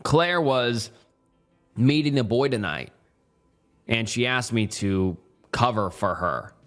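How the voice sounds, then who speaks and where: A man's voice: mid-range voice, animated, slow pace, fairly bright tone, soft background music. A man voicing a scared, guilty teenage girl who stammers and keeps apologizing. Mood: nervous.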